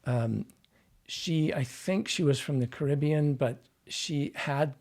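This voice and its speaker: A man working as a dialect coach and actor, a podcast guest who explains speech habits and drops into quick vocal demonstrations. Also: a little high, darkish tone.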